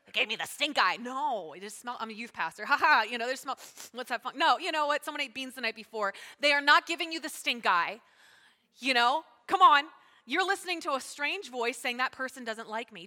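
A woman pastor preaching a sermon in a fast, chatty way, joking and adding asides. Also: a little high, sharp tone. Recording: long hall reverb.

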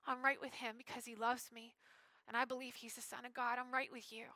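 A woman voicing a humbled, forgiven sinner speaking softly and earnestly. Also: fairly high pitch, little pitch movement, brisk, no room sound. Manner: soft, earnest.

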